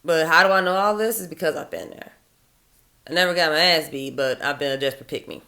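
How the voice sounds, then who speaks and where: Low-voiced woman ranting about dating, blunt and sarcastic, swears a lot. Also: fairly quick, pushed and bright. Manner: blunt, profane, sardonic. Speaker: vlogger giving dating advice. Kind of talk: casual opinionated monologue.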